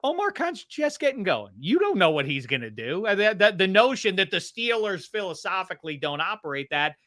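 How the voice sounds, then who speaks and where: A man from the Pittsburgh area, a guest on a football podcast, talking in a rambling, animated way about teams and accents. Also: sits high, fairly quick, dry recording, studio quality. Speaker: guest commentator. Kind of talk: casual podcast chat.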